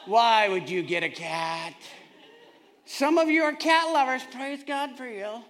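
Bright-voiced pastor telling a funny story. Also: male voice, extremely high pitch, unhurried, slight background noise. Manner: lively, humorous, conversational. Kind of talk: sermon storytelling.

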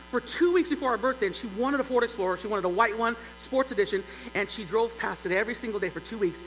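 Bright-voiced preacher telling a funny story. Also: male voice, very high-pitched. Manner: animated, builds to loud exclaims. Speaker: pastor. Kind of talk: humorous sermon storytelling. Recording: long church reverb, faint hum.

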